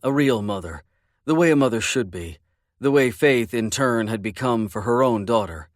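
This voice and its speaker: A man narrating a first-person romance audiobook in a measured, intimate way. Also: medium pitch, no room sound, clean studio sound.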